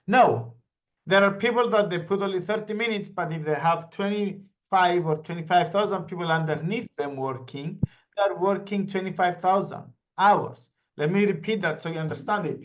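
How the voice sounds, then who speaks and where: A man's voice: high-pitched, moderate pace. Emphatic man giving a seminar. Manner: emphatic and repetitive, with anecdotes. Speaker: network marketing trainer. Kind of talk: motivational seminar talk. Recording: dull lo-fi audio.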